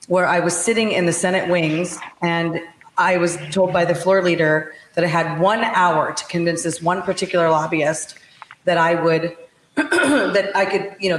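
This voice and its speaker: A middle-aged woman, a former state senator and guest, telling stories bluntly and forcefully. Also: sits low, reverberant, a little hiss or hum, poor audio. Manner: blunt, forceful, tenacious storyteller. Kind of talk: candid talk-show storytelling.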